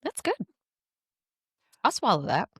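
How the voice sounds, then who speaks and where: A woman's voice: fairly high pitch, huge pitch swings, a little slow, fairly bright tone, slightly rough, no echo, studio quality. A woman co-hosting a romance podcast in casual chat, bubbly and giggly. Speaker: podcast co-host.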